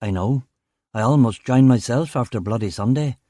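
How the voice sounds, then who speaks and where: A man's voice: mid-range voice, normal speed, warm tone, no echo, clean studio sound, lightly acted. A man playing a weary thirties detective. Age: 30s. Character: weary male detective inspector in his late thirties.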